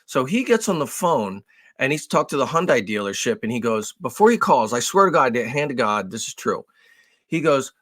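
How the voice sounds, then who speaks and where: Bright, animated podcast co-host, man. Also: medium pitch, normal speed. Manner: animated, profane, acts out raised voices. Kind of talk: casual storytelling.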